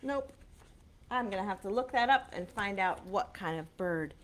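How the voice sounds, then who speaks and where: A woman librarian reading a picture book aloud to small children, animated and coaxing, asking them questions, recorded on a webcam. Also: medium pitch, normal speed. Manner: animated, sing-song, coaxing questions to kids.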